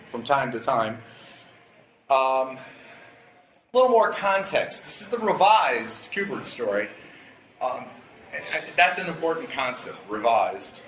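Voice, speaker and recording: A man's voice: mid-range voice, slight background noise. Older man presenting in an echoey room. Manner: relaxed, chatty, wry asides. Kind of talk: live presentation talk. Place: event room. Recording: echoey room with faint ambience.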